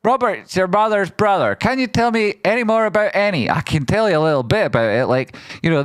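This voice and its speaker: A man hosting a trading livestream, excitably giving quick, jokey shout-outs to members and talking through trades. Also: mid-range voice, clean tone, no echo, studio quality. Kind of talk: lively livestream chat, reading out members and donations.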